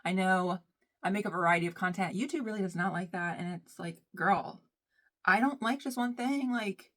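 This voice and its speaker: A woman's voice: mid-range voice, normal speed, fairly bright tone. Chatty woman vlogging. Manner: chatty, rambling, says "y'all" often. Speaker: beauty vlogger. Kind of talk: casual chat while doing makeup.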